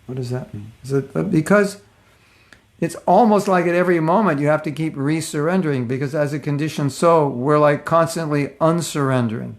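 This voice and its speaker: An older man teaching a relaxed spiritual class, telling stories and acting out the voices of people in them. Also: fairly high pitch, fairly quick. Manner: conversational storytelling, acts out voices of people in his stories. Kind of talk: casual devotional lecture.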